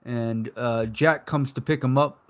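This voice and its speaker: A man's voice: medium pitch, steady tone. A man co-hosting a podcast, rambling through a story in casual chat with many restarts. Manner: rambling, halting, lots of fillers and restarts. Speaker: podcast co-host.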